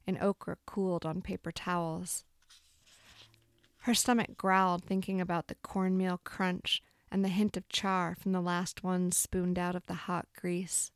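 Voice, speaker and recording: A woman narrating a literary short story in a calm, even storytelling manner, lightly voicing the characters' dialogue. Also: on the low side, no room sound, studio quality.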